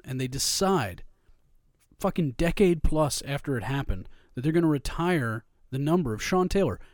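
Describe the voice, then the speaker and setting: A man's voice: mid-range voice, a little mellow, no echo, clean studio sound. Ranting, profane man talking football. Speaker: podcast co-host. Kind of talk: casual sports chat.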